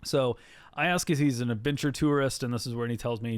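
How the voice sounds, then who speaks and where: A man at middle pitch tells a TV episode's story in a casual, meandering way, packing in fillers and acting out dialogue on the fly. His voice is smooth and clear. The sound is close and dry, with no room around it. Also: steady tone, brisk, no echo. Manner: rambling, filler-heavy storytelling that acts out the characters' lines. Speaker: podcast co-host recapping a TV episode. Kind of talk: casual chat.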